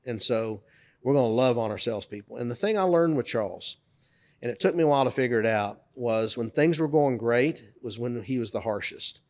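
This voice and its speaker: A middle-aged man of middle pitch, co-hosting a podcast and spinning stories from his working life. He talks casually, with fillers, and jumps higher and louder when he plays the bosses he quotes. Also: a little fast. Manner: lively anecdotes, raising his voice to act out quoted bosses. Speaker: podcast co-host. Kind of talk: casual storytelling chat.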